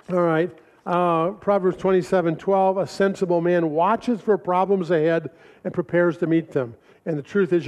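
A middle-aged man telling animated personal stories to an audience, acting out quoted voices and laughing often. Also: on the high side. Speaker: speaker presenting his family records manual. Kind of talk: storytelling talk to an audience. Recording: dull lo-fi recording.

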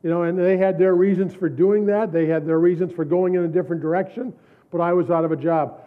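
A middle-aged pastor with a high voice preaches and tells personal stories, hammering home his points through repetition and often breaking into a laugh. The sound is thin and tinny, like it is coming through a phone line. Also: steady tone, quick pace. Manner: storytelling, repetitive emphatic phrasing, laughs often. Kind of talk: sermon.

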